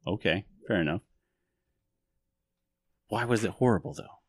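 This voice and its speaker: Deep-voiced joking podcast host man. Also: measured pace, darkish tone, husky, dry recording. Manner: joking, self-mocking, rambling. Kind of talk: casual podcast chat.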